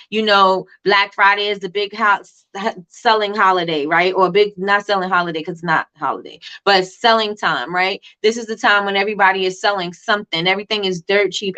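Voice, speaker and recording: Woman host, live stream business coach, bright tone, casual and animated, lo-fi audio. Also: mid-range voice. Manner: animated, repeats herself, reads and answers chat.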